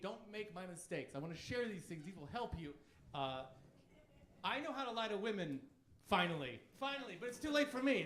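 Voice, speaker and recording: Man in his thirties, stand-up comic, high voice, cocky and crude, echoey club room. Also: fairly bright tone, a little hiss or hum. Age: 30s. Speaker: stand-up comedian. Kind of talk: stand-up routine. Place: comedy club stage.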